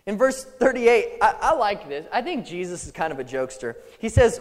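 Man preaching a sermon, high-pitched, lively swings in pitch, playful, long hall reverb. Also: normal speed, few pauses. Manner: animated, playful, acts out the disciples and Jesus.

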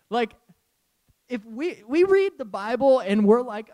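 Lively, high-voiced male preacher. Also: a little slow. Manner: animated, conversational, laughs often. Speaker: pastor. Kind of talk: sermon.

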